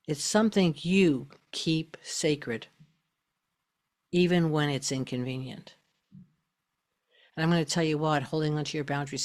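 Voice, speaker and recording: A woman's voice: deep voice, a little mellow. A middle-aged woman hosting a spoken talk on self-love, chatty and emphatic. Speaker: host.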